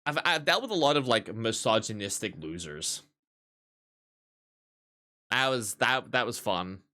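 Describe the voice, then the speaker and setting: Bright-voiced man ranting casually. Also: mid-range voice, measured pace. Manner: profane, animated storytelling. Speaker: streamer; barista. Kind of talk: casual livestream chat.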